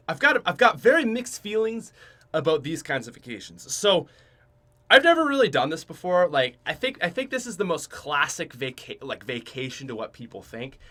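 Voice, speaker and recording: A man's voice: a little high, sharp tone. A young Canadian man with a Canadian accent hosting a podcast, telling a story in a rambling way with many fillers and restarts. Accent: Canadian English. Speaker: podcast host. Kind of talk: casual storytelling.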